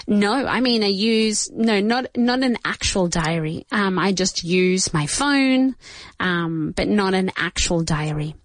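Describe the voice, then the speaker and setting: A woman in her forties teaching a beginner English lesson, repeating each answer slowly and explaining in Spanish. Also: mid-range voice, expressive, no echo.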